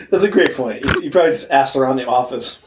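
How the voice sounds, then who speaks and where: A man's voice: mid-range voice, fairly quick. A man co-hosting a podcast, chiming in with short amused remarks and agreement. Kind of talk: casual chat. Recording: noisy, clicky line.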